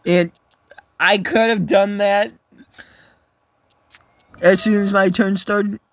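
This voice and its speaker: A man's voice: high voice, steady tone, slow, a bit bright, no room sound. A man giving casual, rambling commentary over his own gameplay, swearing freely and often breaking off to restart his sentences. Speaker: gaming video creator.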